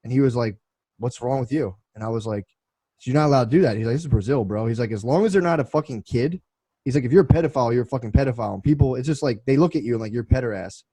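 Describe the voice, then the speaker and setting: A man's voice: medium pitch, racing, dark tone, slightly rough, no room sound, poor audio. A man in his twenties co-hosting a casual podcast, telling loose, profane stories full of restarts. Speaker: podcast co-host.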